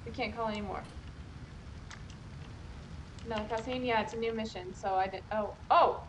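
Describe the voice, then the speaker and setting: A young woman streaming a video game live, chatting and reacting as she plays, flustered and excited at times. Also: fairly high pitch, normal speed, slight background noise, low-quality recording.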